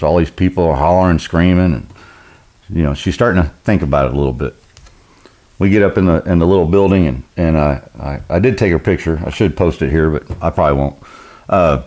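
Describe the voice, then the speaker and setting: A man's voice: sits low, darkish tone. A middle-aged man telling a rambling, folksy story, chuckling often as he goes. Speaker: vlogger. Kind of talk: casual storytelling.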